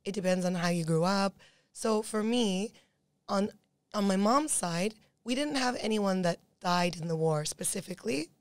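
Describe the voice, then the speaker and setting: A young woman from Cyprus, a podcast guest, telling a family story quickly and animatedly, acting out other people's voices. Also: medium pitch, no room sound, studio quality. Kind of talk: casual storytelling.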